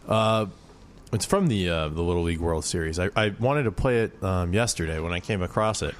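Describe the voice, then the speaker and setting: A man's voice: low voice, fairly quick, slight background noise. A young man co-hosting a casual radio show, rambling with many fillers. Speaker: radio co-host.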